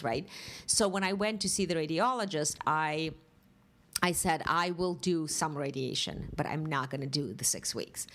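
A middle-aged woman telling her own story as an interview guest, acting out what people said to her and laughing often. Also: sits low. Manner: animated storytelling, acts out quoted voices, laughs often. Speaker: guest, author. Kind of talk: candid interview talk.

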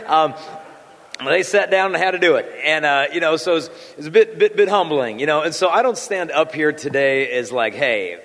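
A man in his thirties leads a prayer, then speaks to the congregation in a relaxed, conversational way. He pokes fun at himself, and his sentences are full of fillers and restarts. His voice carries a long reverb, as if it is filling a large church. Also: on the high side, normal speed. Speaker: Catholic speaker.

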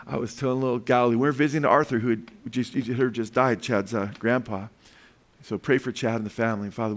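Older pastor chuckling through a sermon. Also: male voice, lowish voice. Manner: chuckles often while telling stories; calls out for amens from the congregation. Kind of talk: sermon with personal anecdotes.

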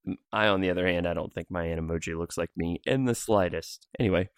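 A man with a low, deep voice chats loosely as a podcast co-host, laughing often between rambling asides. The mic sits close and the sound is dry, with no room around it. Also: quick pace, clean tone, no echo. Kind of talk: casual podcast chat. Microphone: pop filter mic.

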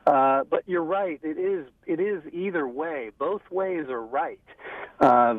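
A man calls in as a radio guest and talks in an easygoing way, with lots of pauses and fillers. His voice comes through a thin, tinny phone line. He sounds a little distant from the mic. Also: on the high side, dry recording. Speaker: guest, footwear industry rep.

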